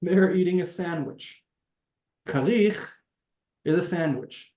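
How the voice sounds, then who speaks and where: Slow-paced man teaching over video call. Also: high voice, mellow, echoey room. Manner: patient, explains step by step and sounds out words slowly. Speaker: Hebrew teacher. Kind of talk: beginner language lesson.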